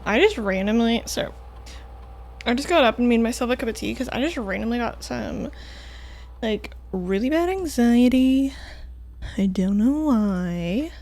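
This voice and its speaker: A woman's voice: fairly high pitch, darkish tone. A woman streaming a puzzle game, chatting casually and joking at her own expense as she plays. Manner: chatty, self-mocking, talks to herself. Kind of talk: casual gameplay commentary.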